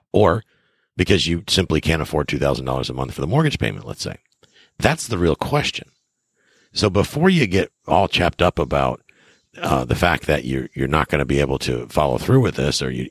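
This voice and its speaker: Sharing casual advice as a podcast host, this middle-aged real estate investor has a very deep, husky voice with a fairly bright tone. His pitch swings widely while he enthusiastically and emphatically plays out small conversations, and the recording is dry and close.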